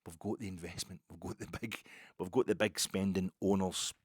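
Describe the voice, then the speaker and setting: Scottish male podcast host, quick and rambling, slightly low, husky, dry close sound. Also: fairly even intonation, darkish tone, dry recording. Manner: rambling, chatty storytelling with many restarts. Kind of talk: casual podcast monologue.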